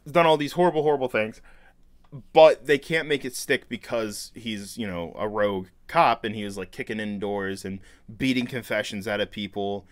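A man's voice: on the low side, fairly even intonation, normal speed, dry recording. A man hosting a podcast over a call, talking eagerly and earnestly about movies with many "you know"s. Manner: earnest, enthusiastic movie talk, frequent fillers. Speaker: podcast host. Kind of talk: casual chat.

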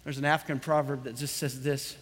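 A man's voice: medium pitch, little pitch movement, fairly quick, in a large hall. A man preaching a sermon as pastor, telling a story and building to fervent emphasis.

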